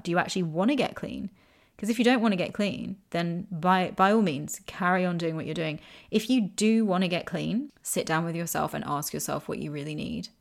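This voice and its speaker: A young woman's voice, pitched a little low, talking straight to the listener. She sounds candid and earnest and swears freely. It comes across as personal storytelling for a vlog. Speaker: vlogger.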